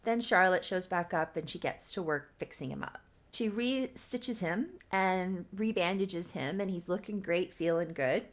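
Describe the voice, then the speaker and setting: A woman's voice: lowish voice, a little slow. A woman casually recapping a soap-opera story she made, with chatty, self-deprecating asides. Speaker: creator recapping her own game story.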